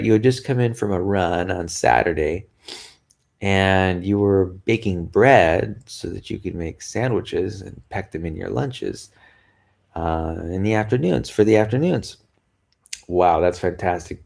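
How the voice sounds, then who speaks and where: Deep and darkish with vocal fry, this man's voice carries a casual, rambling chat to his viewers. As a vlogger talking to camera, he laughs and sighs frequently and yawns from time to time out of tiredness.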